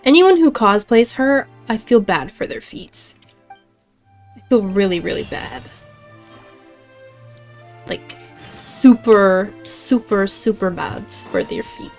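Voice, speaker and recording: Brief: bubbly young woman streamer, laughs a lot, slow unhurried chat, faint game music under her. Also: medium pitch, sing-song, creaky, a little mellow. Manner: giggly, bubbly, reads chat aloud. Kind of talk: casual live-stream chat.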